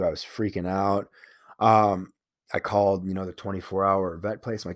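Low-voiced man, candid profane monologue. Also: fairly quick, dry recording, clean studio sound. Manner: earnest, preachy about life choices. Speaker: solo speaker. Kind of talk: casual monologue.

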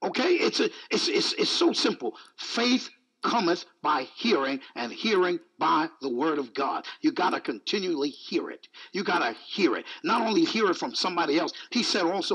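A man's voice: on the high side, sing-song, normal speed, a bit bright, rough recording. A male preacher giving an emphatic, repetitive sermon, mixing in jokes.

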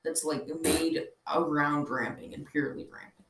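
A woman with a low voice plays the skeptic in a casual chat, dry and teasing. The recording has a roomy echo. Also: fairly even intonation, moderate pace, background noise. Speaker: co-host. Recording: roomy echoey room.

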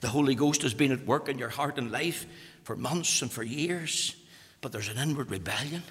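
A Northern Irish man preaching a sermon, impassioned and moving from loud urgency to hushed intensity. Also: medium pitch, moderate pace, breathy edge, long reverb tail.

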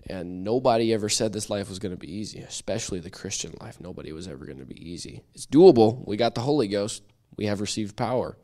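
Speaking quickly in a fairly low pitch, this man teaches a church Bible study with lively, conversational energy, slipping into little quoted voices as he explains things.

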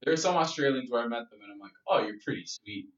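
A Canadian man chatting on a podcast, laughing along and trying out quick impressions. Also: medium pitch, animated. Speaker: podcast co-host. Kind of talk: casual chat. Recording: roomy and dull-sounding.

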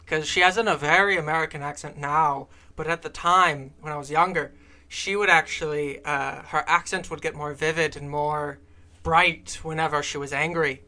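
Bright-voiced man telling a rambling story. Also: on the high side, steady tone, moderate pace. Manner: rambling storyteller with many fillers. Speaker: podcast co-host. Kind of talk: casual chat.

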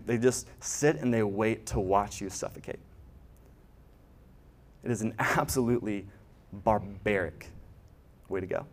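A man preaching as a pastor, earnest, with restarts and emphatic rises. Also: mid-range voice. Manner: earnest, builds to emphatic peaks, stammers on restarts. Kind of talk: sermon.

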